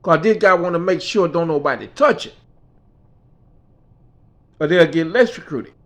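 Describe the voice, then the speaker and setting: A man's voice: a little high, expressive, moderate pace. A man telling a personal story in a conversational, repetitive way, often checking in with the listener. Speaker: speaker.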